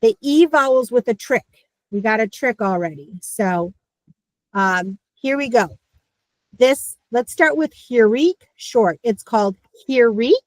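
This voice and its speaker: A woman teaching a beginner class, explaining sounds in a lively, playful way with sudden squeaks. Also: measured pace, no room sound, rough recording. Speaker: Hebrew teacher. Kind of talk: online lesson.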